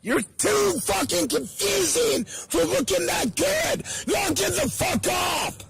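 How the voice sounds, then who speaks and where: A man's voice: extremely high pitch, huge pitch swings, takes it slowly, gravelly, a bit bright, no room sound, raised voice. A man ranting bitterly and with heavy swearing, recorded outdoors in a park on a phone.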